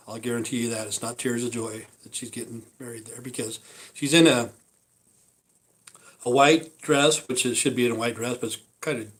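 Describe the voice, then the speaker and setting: A man's voice: medium pitch, rough recording. A man talking casually on a live stream over lunch, rambling with many fillers and asides. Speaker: vlogger.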